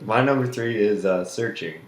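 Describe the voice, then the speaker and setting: A man with a lowish voice chats casually as a guest, laid-back and hesitant, leaning on fillers. The room around him is roomy and echoing. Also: normal speed. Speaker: podcast guest. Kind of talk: casual chat. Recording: roomy echo.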